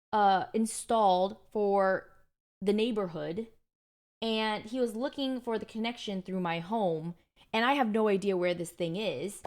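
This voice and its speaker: A young adult woman, her voice a little high, is streaming and casually telling her chat an exasperated story packed with back-and-forth retellings.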